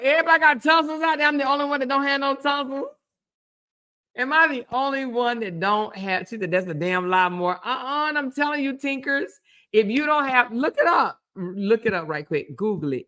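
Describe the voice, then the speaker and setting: Bright-voiced woman hosting a chatty livestream. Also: a little high. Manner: animated, teasing, reads viewer comments aloud. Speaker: livestream host. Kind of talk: casual chat with live viewers.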